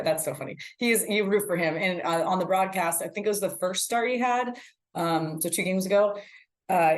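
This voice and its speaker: A woman co-hosting a sports podcast in casual chat, telling stories in an animated way and acting out what people said. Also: sits low. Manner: animated storyteller, acts out quotes, laughs. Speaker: podcast co-host and team reporter.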